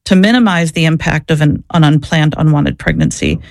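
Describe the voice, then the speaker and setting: A woman's voice: low-pitched, wildly swooping pitch, fairly quick, a little mellow, dry recording. A woman guest in an interview, telling personal stories candidly and reflectively, often repeating words and restarting sentences. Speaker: interview guest, former abortion clinic worker. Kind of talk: candid personal storytelling in conversation.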